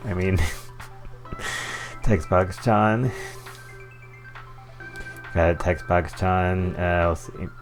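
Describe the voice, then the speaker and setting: A man's voice: low voice, flat delivery, extremely slow, long pauses, soft background music. A man streaming a game live, reacting with wry, sarcastic commentary.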